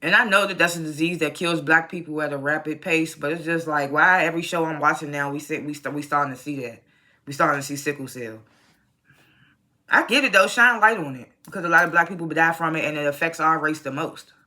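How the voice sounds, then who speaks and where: Bright, blunt, profane TV recapper. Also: mid-range voice, quick pace. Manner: animated, rising to loud rants. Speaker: TV show reviewer. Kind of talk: casual recap and review.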